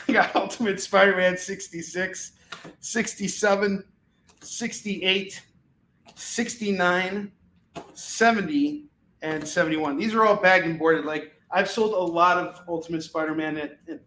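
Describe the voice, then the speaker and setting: A chatty man runs a live sale from home, rattling off comic books and prices in easygoing patter. His voice is bright and a touch high, and it rings around an echoey room. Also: a little hiss or hum. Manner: chatty, upbeat, laughs often, counts off books quickly. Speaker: host selling comics on a live stream. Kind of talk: casual live sales patter. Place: his home, with kids in the house.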